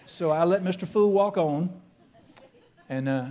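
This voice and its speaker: A man's voice: high voice, measured pace, warm tone. Folksy preacher in his sixties. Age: 60s. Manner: folksy, storytelling, emphatic preaching with humor. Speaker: pastor. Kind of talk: sermon.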